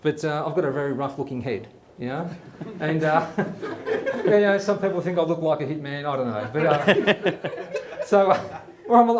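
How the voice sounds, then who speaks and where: Halting comedy host. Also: male voice, fairly high pitch, echoey room. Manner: casual, halting, with many fillers. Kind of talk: stand-up comedy.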